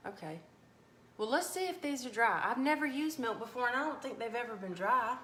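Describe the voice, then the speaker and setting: A woman hosting a casual live cooking stream from her home kitchen, folksy and animated as she reads viewer comments. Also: on the high side, fairly quick. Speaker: cooking livestream host. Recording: echoey kitchen with faint background noise.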